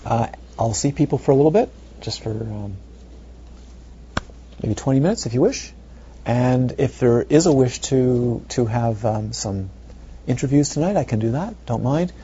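A meditation teacher gives a dharma talk in a warm, medium-pitched male voice with lively intonation, moderate pace, and long pauses. He repeats phrases and poses playful rhetorical questions. The recording is dull and lo-fi with faint hiss.

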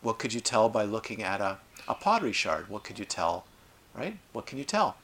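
A middle-aged man teaching meditation at a retreat, talking in an animated way with playful asides. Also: lowish voice, brisk. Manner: animated, acts out quoted voices, lively asides. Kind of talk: dharma talk at a retreat.

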